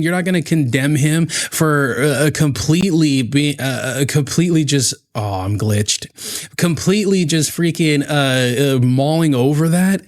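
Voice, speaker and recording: A man's voice: on the high side, a little slow. A man giving heated, profane reaction commentary with an exasperated tone. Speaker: commentary youtuber.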